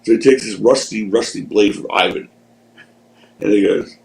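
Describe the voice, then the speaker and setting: A man's voice: lowish voice, normal speed, creaky, darkish tone, low-quality recording. A man in his sixties from Philadelphia, a podcast guest telling stories in a laid-back way, laughing at his own tales and swearing freely. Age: 60s. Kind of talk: casual storytelling in a podcast interview.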